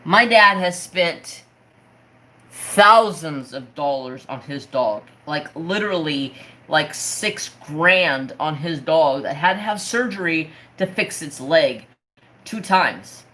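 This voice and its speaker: Animated, swearing man telling a story. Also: on the high side, slow, low-quality recording. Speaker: diamond painting crafter streamer. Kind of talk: casual livestream storytelling, reading chat.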